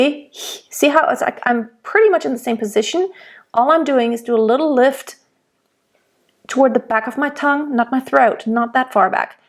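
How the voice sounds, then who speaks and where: A woman from Germany with a German accent, a singing teacher giving a diction lesson and modeling each sound aloud. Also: sits high. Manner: explains slowly, models pronunciation aloud.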